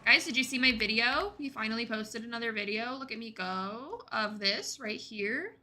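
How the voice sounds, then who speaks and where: A woman's voice: on the high side, animated, normal speed, pushed and bright, slight background noise. A woman streaming a game, chatting casually and answering her chat as she plays. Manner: chatty, reads and answers chat while playing. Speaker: gaming streamer.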